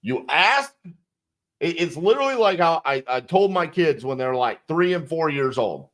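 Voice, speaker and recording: A very animated man with a fairly high, fairly bright voice speaks at normal speed. He's a sales coach giving instructional commentary on a calling script, blunt and emphatic with some swearing, voicing both parties on the phone.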